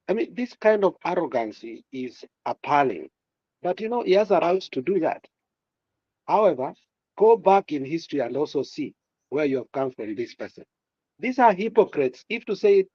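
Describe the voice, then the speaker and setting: A man's voice: a little high, dry recording, highs cut off. A man giving political commentary in a passionate way, repeating words and using many fillers. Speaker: guest commentator.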